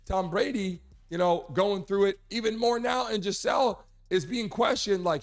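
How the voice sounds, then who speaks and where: High-voiced chatty male sports talk host. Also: moderate pace, creaky, hardly any pauses. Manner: chatty, laughing often, animated asides to a producer. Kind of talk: casual sports and celebrity talk.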